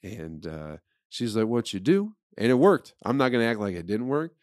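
A man's voice: lowish voice, big pitch swings, normal speed, no room sound, clean studio sound. A man hosting a comedy podcast, talking casually in a rambling, profane riff. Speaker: podcast host.

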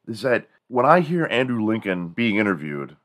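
Deep-voiced profane American man. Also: very animated, moderate pace, a bit bright. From United States. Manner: rambling, profane, conversational. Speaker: podcast host. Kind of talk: casual comedic monologue.

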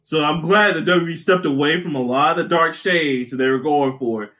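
A man co-hosting a podcast, chatting casually, joking and breaking into loud impressions. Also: a little high, moderate pace. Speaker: podcast co-host. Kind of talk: casual chat.

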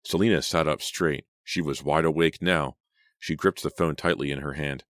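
A man narrating an audiobook in measured scripted narration, close to the mic. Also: extremely low pitch, fairly even intonation, fairly bright tone, dry recording.

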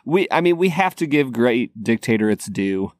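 A man's voice: mid-range voice, sing-song, moderate pace, no room sound, studio quality. A man co-hosting a podcast, talking easily about films and laughing often. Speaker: podcast co-host. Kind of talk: casual chat about films.

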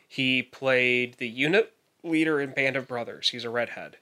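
A man's voice: medium pitch, normal speed, sharp tone. A man co-hosting a podcast, talking casually about a film, rambling and restarting his sentences. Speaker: podcast co-host. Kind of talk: casual chat.

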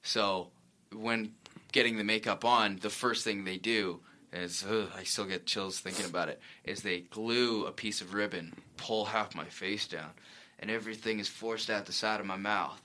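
Bright-voiced man chatting loosely. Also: fairly low pitch, fairly even intonation, moderate pace. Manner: rambling, self-correcting storyteller. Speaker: actor guest. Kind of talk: casual interview chat.

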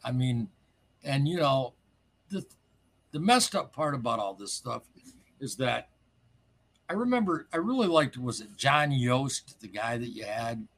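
Man, gravelly husky voice, casual excitable storyteller who wanders off track. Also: medium pitch, unhurried, pauses often. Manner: rambling, excitable, lots of asides. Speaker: caller telling his story.

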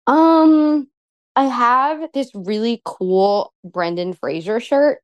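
A woman's voice: fairly high pitch, slow, clear, resonant tone, dry recording, dull audio. A young woman being interviewed, chatting casually, laughing often and filling her talk with "like". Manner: giggly, lots of "like" fillers. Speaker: pro wrestler guest.

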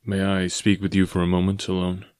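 A man voicing a stern, calm strong man raised in the wild, in an audiobook. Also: low voice, fairly quick, clean tone, close to an everyday voice.

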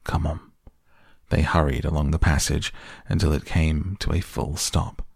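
A man reading a classic storybook softly as a bedtime audiobook, slow and even. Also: extremely low pitch, creaky, breathy edge, dry recording, clean studio sound.

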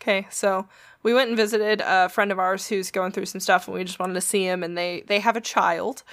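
A woman's voice: medium pitch, fairly even intonation, brisk, a bit bright. Wry, blunt woman chatting with a friend. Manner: wry, blunt listener who swears. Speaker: friend in casual chat. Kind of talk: casual chat.

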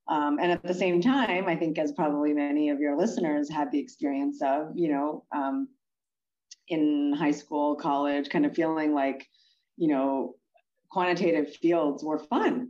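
Low-voiced woman, halting interview guest. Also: mellow, dull audio. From Pennsylvania, US. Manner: thoughtful, halting, many fillers and restarts. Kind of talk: conversational interview answers.

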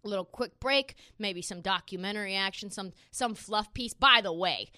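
A woman's voice: medium pitch, moderate pace, bright, forceful tone, dry recording, clean studio sound. A woman hosting a casual sports podcast, brash and playful, boasting and laughing often. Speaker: podcast host.

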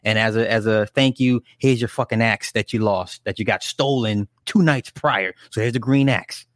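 A man's voice: lowish voice, moderate pace, no room sound, clean studio sound, pitched below the performer's own voice, close to an everyday voice. A man voicing a demanding, headless female spirit in a blunt, casual way.

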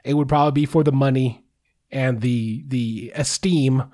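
A man's voice: medium pitch, fairly even intonation, normal speed, warm tone. A man co-hosting a sports podcast, chatting casually and joking, with frequent restarts. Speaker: podcast co-host.

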